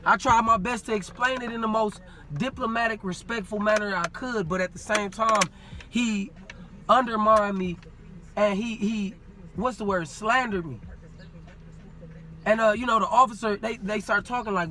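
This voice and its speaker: A man telling a story in casual talk, animated and full of street slang, acting out what people said. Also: high voice, normal speed. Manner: animated, acts out quoted dialogue, street slang. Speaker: podcast guest.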